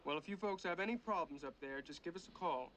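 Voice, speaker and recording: An actor playing a friendly male park ranger giving calm advice over a two-way radio in a film clip. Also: on the high side, fast, slight background noise, close to an everyday voice, low-quality recording. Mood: concerned.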